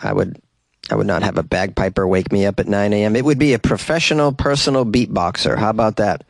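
A man's voice: fairly low pitch, quick pace, vocal fry, dry recording. Sarcastic man riffing on the news. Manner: sarcastic, rambling asides. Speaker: comedy news host. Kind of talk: comedic news commentary. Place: small closet at home. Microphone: close home mic with plosive popping.

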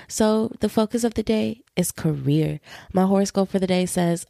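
Young female podcast host, solo chat. Gravelly, dark-toned, dry close sound. Slangy and animated. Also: medium pitch, normal speed, dry recording. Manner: chatty, slangy, animated storytelling. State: feeling run-down.

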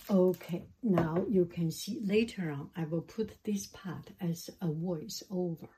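A woman vlogger chatting casually as she tests a microphone plugged into her laptop, often dropping to a soft whisper. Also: fairly low pitch, unhurried, husky. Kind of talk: casual demonstration. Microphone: small microphone plugged into a laptop.

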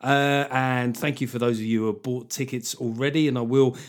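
A man's voice: medium pitch, steady tone, fairly quick. A middle-aged man hosting a solo comedy podcast, wry and sweary, riffing with jokey asides. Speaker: podcast host.

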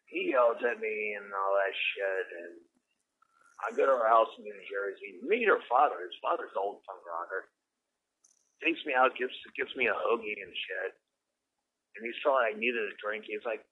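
A man's voice: fairly low pitch, moderate pace. A man from the American South co-hosting a casual podcast, telling profane, rambling street stories. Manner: profane, rambling, animated storyteller. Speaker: podcast co-host. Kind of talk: casual storytelling chat. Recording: dull lo-fi podcast audio with faint noise.

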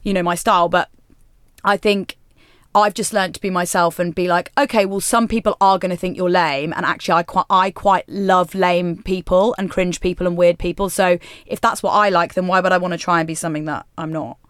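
A woman's voice: fairly low pitch, fairly even intonation, smooth, dry recording, clean studio sound. Chatty, candid woman in her thirties. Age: 30s. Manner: chatty, candid, self-mocking, quick asides. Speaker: presenter and DJ, podcast guest. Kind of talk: casual interview chat.

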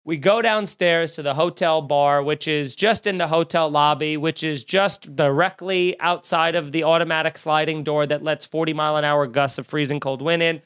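A man with a high-pitched voice tells a rambling travel story on a podcast. He talks casually, jokes a lot and swears freely. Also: moderate pace, few pauses, clear, resonant tone. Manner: animated, profane, jokey anecdotes.

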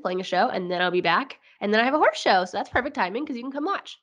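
A woman's voice: a little high, expressive, quick pace, fairly bright tone. A woman co-hosting a podcast in casual chat, earnest and often repeating her words. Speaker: podcast co-host.

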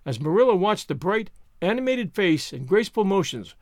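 A man narrating a classic novel in a measured, expressive storytelling voice. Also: high voice, no room sound, studio quality. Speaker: audiobook narrator. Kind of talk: scripted narration.

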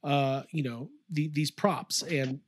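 Man, podcast co-host, enthusiastic, rambling, slightly high voice, dry room. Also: fairly even intonation, takes it slowly, no echo. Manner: enthusiastic, rambling, many fillers. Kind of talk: casual chat. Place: home toy room.

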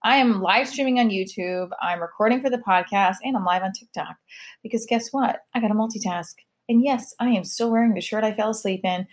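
A woman hosting her own podcast and livestream, chatting casually and confessionally, rambling with lots of "like" as she talks. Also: mid-range voice. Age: adult mother of a school-age child. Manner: rambling and chatty, heavy use of "like".

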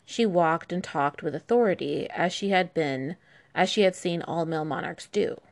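A woman's voice: lowish voice, normal speed, vocal fry. A woman telling medieval history in an irreverent, sarcastic way, with profane asides. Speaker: history podcast host.

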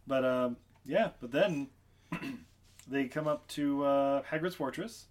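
A woman's voice: extremely low pitch, slow pace, darkish tone. A woman in casual chat recapping a film, leading the story with wry, sarcastic asides.

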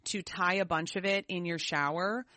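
A woman co-hosting a podcast, telling stories in a lively, casual way. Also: on the low side, normal speed, no echo. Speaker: podcast co-host. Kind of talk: casual chat.

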